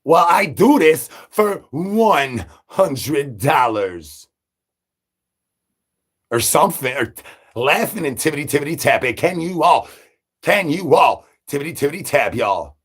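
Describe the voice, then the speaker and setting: A man live-streaming in a zombie persona, rambling through silly catchphrases with sudden jumps in pitch. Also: lively intonation, measured pace, fairly bright tone, breathy edge. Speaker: livestreamer in zombie character. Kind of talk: absurd live-stream banter.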